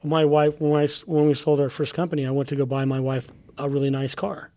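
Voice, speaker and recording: A man's voice: a little high, fast. A man on a podcast, a guest telling stories in casual chat, acting out what people said to him. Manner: animated storyteller, acts out quotes.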